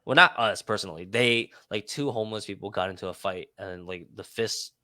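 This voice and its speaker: A man's voice: fairly low pitch, brisk, pushed and bright, no echo. A man co-hosting a podcast, telling a frustrating story casually, swearing and repeating himself on a close mic. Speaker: podcast co-host.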